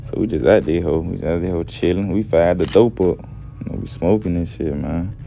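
Young man, very low voice, laid-back profane storyteller, faint music underneath. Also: brisk, gravelly, dark tone. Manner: laid-back, profane, says "you feel me" often. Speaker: gameplay storyteller. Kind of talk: casual slangy story narration.

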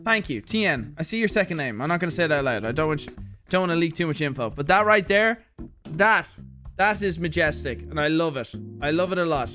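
Animated streamer with a lightish voice. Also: male voice, fairly high pitch, brisk, faint music behind. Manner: animated, swears freely, reads viewer letters aloud. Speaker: streamer host. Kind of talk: casual livestream unboxing chat.

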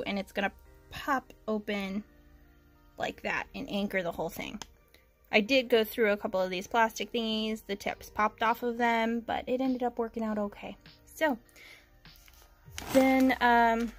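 A young woman chatting casually as she builds a plant shelf and shows her houseplants, laughing often as she talks. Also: on the high side. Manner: chatty and giggly, frequent small laughs. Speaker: plant vlogger. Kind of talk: casual DIY vlog narration.

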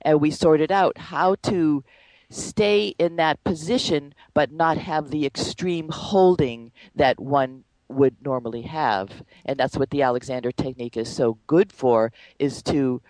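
A woman's voice: deep voice, measured pace, darkish tone, no room sound, low-quality recording. A woman who teaches the Alexander Technique, telling stories in a thoughtful, conversational way with frequent fillers. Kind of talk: conversational interview.

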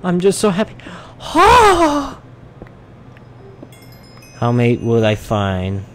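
A man's voice: medium pitch, normal speed, a little hiss or hum. A man streaming a survival game live, chatting to himself, swearing and yelping at what happens on screen. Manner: excitable, swearing, yelps and laughs at the game. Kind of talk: live gameplay commentary.

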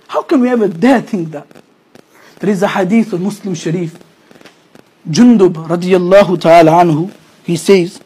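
A man preaching an emotional sermon, telling a story with an impassioned delivery that drops to hushed tones and rises again. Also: high voice, husky, poor audio.

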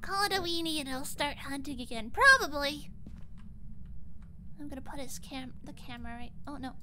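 A woman's voice: high-pitched, moderate pace, background noise. A woman streaming a game with friends, joking around in casual chat and sometimes dropping to a murmur. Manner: playful, jokey, sometimes drops to a murmur.

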